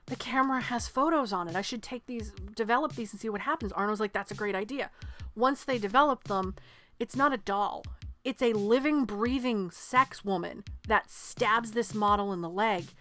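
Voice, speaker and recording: A woman from New England in her thirties, co-hosting a casual movie podcast and telling stories with lively acted-out quotes and casual swearing. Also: a little high, normal speed. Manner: animated storyteller, swears freely, acts out quotes. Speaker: podcast co-host. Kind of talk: casual chat about movies.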